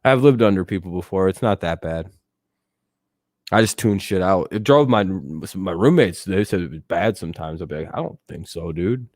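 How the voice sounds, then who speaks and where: A young male streamer talking loosely to his viewers, his voice sitting a little low. He rambles and swears freely, chuckling between thoughts. The sound is dry and close, with no room around it. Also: expressive, moderate pace, a little mellow, no echo. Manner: rambling, profane, laughs often, talks to chat. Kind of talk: casual live-stream chat.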